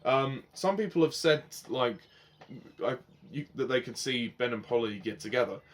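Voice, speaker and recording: A man giving a casual spoken review of a TV series, passionate and rambling, swinging between heated outbursts and softer reflective stretches. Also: medium pitch, animated, normal speed.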